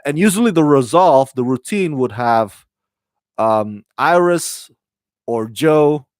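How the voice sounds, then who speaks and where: A man's voice: medium pitch, dry recording. A man hosting a casual spoken TV review, talking in a rambling, chatty way with fillers and self-corrections. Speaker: TV review host.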